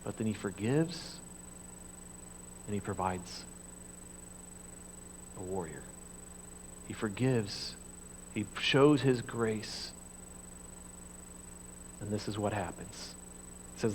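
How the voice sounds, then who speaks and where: A middle-aged man preaching a sermon as pastor, speaking conversationally and swinging from hushed, low passages to loud, raised ones when he voices God and the people. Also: lively intonation, slow, long pauses, slight background noise, rough recording.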